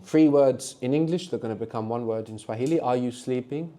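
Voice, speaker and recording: Male language teacher running a live classroom workshop, warm mellow tone, encouraging, keeps checking in with the group. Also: mid-range voice, normal speed. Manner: encouraging, quizzes the group with frequent tag questions. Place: classroom with students.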